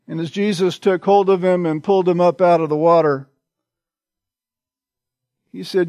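A male pastor preaching a sermon in a slow, deliberate way, repeating short phrases for emphasis. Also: high-pitched, steady tone, darkish tone, no echo, lo-fi sound.

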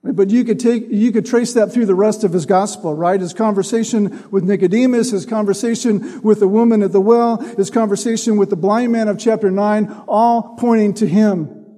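A man preaching a sermon, teaching in a measured way and reading scripture aloud with emphasis. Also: high-pitched, steady tone, dark tone. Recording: long hall reverb.

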